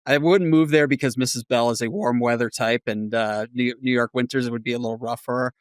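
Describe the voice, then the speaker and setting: Smooth-voiced podcast host man. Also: mid-range voice, fairly even intonation, a little fast, dry recording, studio quality. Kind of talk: casual interview.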